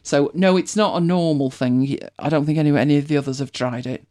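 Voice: mid-range voice, a little fast, a little mellow. A host with a British accent, chatting casually and rambling with many restarts. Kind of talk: casual chat.

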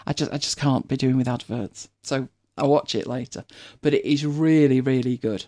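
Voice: mid-range voice, steady tone, moderate pace, warm tone. A host with a British accent, chatting casually and rambling with many restarts. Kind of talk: casual chat.

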